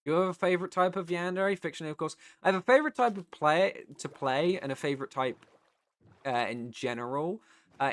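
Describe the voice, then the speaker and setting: A man's voice: fairly high pitch, a bit bright. A man from the United Kingdom chatting casually on a live stream, reading chat aloud and rambling with the odd swear. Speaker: streamer and voice actor.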